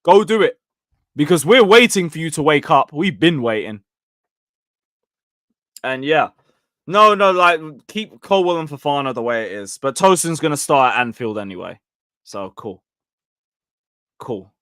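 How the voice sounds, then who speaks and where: A man's voice: on the high side, expressive, a little slow, long pauses, fairly bright tone, dry recording, clean studio sound. A young man giving a blunt, sweary, rambling live review of a football match and reading viewer comments. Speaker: football fan channel host.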